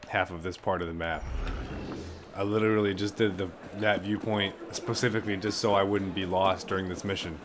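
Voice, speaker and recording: A young man casually commentating a video game, swearing and reacting excitably. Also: deep voice, a little fast, noisy background. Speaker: gaming commentator. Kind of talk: casual let's-play commentary.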